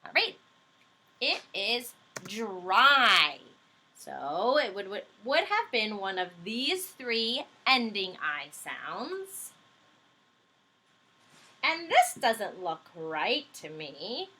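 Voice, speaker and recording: A woman teacher walks young children through a phonics lesson, patient and encouraging. Her voice is very bright, and her pitch leaps around a lot. She talks slowly and stretches out each word and letter she spells. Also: very animated, slightly rough.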